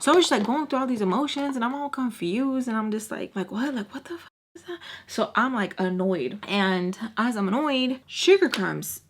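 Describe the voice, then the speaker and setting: Casual young woman storyteller, high voice, animated, talkative, swears freely. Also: moderate pace, few pauses. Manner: animated, chatty, full of fillers and swearing. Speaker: vlogger telling a story.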